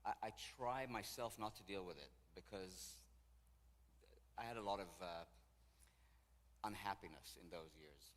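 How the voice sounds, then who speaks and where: A man from Israel, a tour guide and guest speaker, telling stories in an animated, anecdotal way in a church. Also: low-pitched, a little slow, pauses often. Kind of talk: storytelling talk. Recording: echoey hall with faint ambience.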